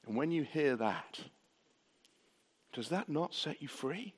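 Brief: male pastor, sermon, earnest and repetitive, fairly high pitch, reverberant church hall. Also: animated, takes it slowly, pauses often, slightly rough. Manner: earnest, rhetorical questions and repetition.

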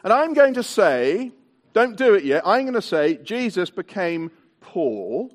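A man preaching a Christmas sermon to a mixed-age congregation in a church hall, stretching out key words for emphasis. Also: high-pitched. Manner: animated, drawn-out emphasis on key words, leads the congregation in actions. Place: church hall with tiered seating.

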